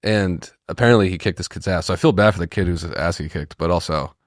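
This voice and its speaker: A man with a very low voice tells stories on a casual podcast, swearing often and acting out other people's lines. He is a little under the weather, so his voice sounds slightly hoarse. The sound is dry and close to the mic. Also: fast talker, dry recording. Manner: animated storyteller, swears a lot, mimics voices. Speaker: podcast co-host. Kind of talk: casual chat, storytelling.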